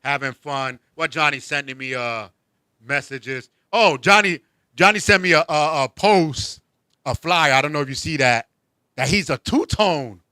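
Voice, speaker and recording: A man hosting a casual comedy talk show, joking and animated, laughing often. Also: on the high side, measured pace, dry recording. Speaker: host.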